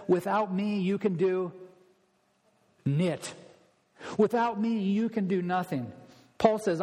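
A man's voice: on the high side, a little mellow, long reverb tail. A man preaching an expository sermon as a pastor, emphatic and stressing his points through repetition.

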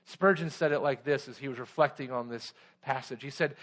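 A man preaching a sermon as pastor, earnest and fervent, dropping to hushed passages. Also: mid-range voice, fairly quick, few pauses.

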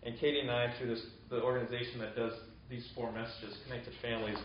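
A man's voice: mid-range voice, level tone, fast talker, slight background noise. A man preaching a sermon in an earnest, conversational way, working through long spoken lists. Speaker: pastor. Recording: echoey, slightly dull room recording.

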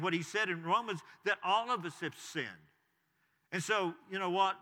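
A male pastor with a fairly high, very bright voice delivers a sermon in a loose, conversational way, sprinkling in "you know" and asides. His voice rings out with a long reverb tail, as in a church sanctuary.

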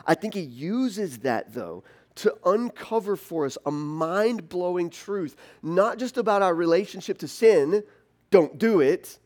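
A pastor preaching a sermon in an animated, conversational way, acting out the questions a listener might ask. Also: male voice, a little high. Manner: animated, teasing and conversational, voices imagined objections.

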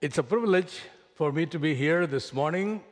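A man from South India with an Indian accent, a visiting bishop opening his sermon with gentle self-deprecating humor. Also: on the high side, normal speed. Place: church sanctuary. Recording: reverberant church hall.

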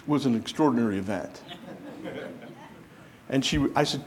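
A man preaching a sermon to a congregation, lively and conversational, acting out the voices of people he quotes. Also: mid-range voice, fairly quick, long pauses, slight background noise. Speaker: pastor.

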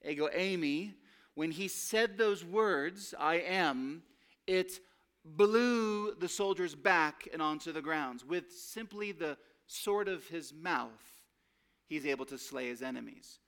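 Earnest male preacher, fairly high voice. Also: slow, fairly bright tone. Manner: earnest preaching that rises on key phrases. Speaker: pastor. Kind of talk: sermon.

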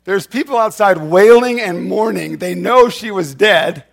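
A man's voice: high voice, unhurried, creaky. Conversational preacher, a man. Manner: conversational, repeats words and restarts. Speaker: pastor. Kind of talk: sermon.

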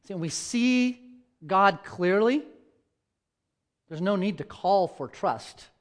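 A man preaching from the pulpit in a voice pitched a little above most men's. He drops to a near murmur in prayer and climbs to loud, fervent emphasis when retelling scripture scenes. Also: expressive, slow pace. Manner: reads scripture, prays softly, then tells stories and rises to loud dramatic peaks. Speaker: church elder preaching. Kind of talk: sermon.

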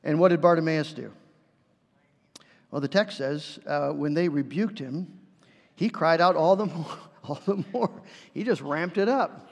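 A man's voice: a little high, unhurried, vocal fry, long pauses. A man pastor preaching a sermon, telling the story earnestly and acting out its voices. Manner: earnest storytelling with acted-out quotes. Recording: long hall reverb.

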